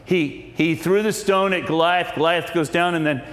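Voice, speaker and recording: Addressing a live political audience, the man delivers a folksy, sermon-like storytelling speech full of repeated starts. He speaks at normal speed in a high-ish, slightly bright voice, with long echo filling the hall.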